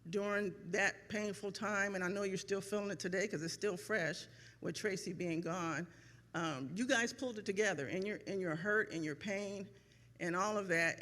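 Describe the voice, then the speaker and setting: A middle-aged woman giving an emotional, grateful speech as a parent at a ceremony, with many pauses and ums. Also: medium pitch, fairly bright tone, in a large hall. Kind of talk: heartfelt speech. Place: event hall.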